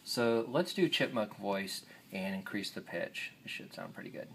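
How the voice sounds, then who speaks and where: A man's voice: lowish voice, lively intonation, moderate pace, vocal fry, a bit bright, a little hiss or hum. A man giving an upbeat, informal, jokey walkthrough of a phone app. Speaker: app demonstrator. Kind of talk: casual app demo walkthrough.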